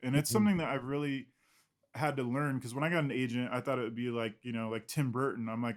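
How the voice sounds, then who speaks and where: A man's voice: medium pitch, steady tone, fast, few pauses. Man, illustrator guest, casual interview, rambling, self-deprecating, laughs often.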